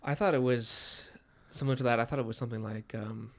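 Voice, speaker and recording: A man's voice: medium pitch, fairly even intonation, fast talker. A man co-hosting a podcast, thinking aloud about a book in casual chat, often stammering and repeating words. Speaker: podcast co-host.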